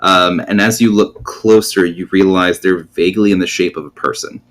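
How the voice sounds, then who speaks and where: A man's voice: low-pitched, steady tone, moderate pace, a bit bright. A man narrating as game master in a tabletop game, rambling with many ums and restarts.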